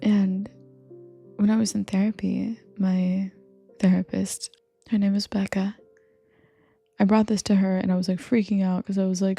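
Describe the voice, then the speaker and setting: Young woman half-whispering a comfort ramble, mellow gravelly voice, soft music behind. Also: mid-range voice, flat delivery, moderate pace, pauses often, dry recording. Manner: rambling, confiding, many fillers. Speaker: comfort audio creator. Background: soft background music.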